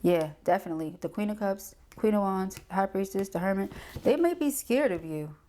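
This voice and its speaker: A woman's voice: medium pitch, lively intonation, moderate pace, dark tone. A woman doing a casual tarot reading, chatty and slangy, often checking in with "okay?". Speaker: tarot reader.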